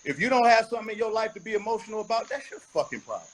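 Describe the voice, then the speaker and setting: A man's voice: sits high, very animated, racing, slight background noise, poor audio. A man giving an interview as a rapper, talking bluntly and emphatically, with frequent profanity. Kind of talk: candid interview talk.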